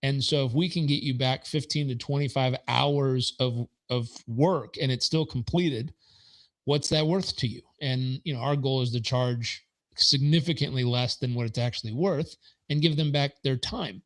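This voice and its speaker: Animated man telling business stories. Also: medium pitch, normal speed, poor audio. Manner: animated, rising into quoted dialogue. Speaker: podcast guest, business consultant. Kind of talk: conversational storytelling.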